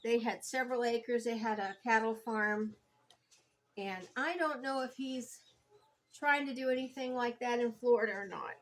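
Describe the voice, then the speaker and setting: A woman with a drawl chats her way through a recipe in her home kitchen. Her voice sits a little on the high side, and she keeps the talk homey and easygoing, even while she eats. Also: normal speed, a little hiss or hum. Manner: homey and chatty, talks while chewing. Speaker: homestead cooking vlogger. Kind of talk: casual cooking chat.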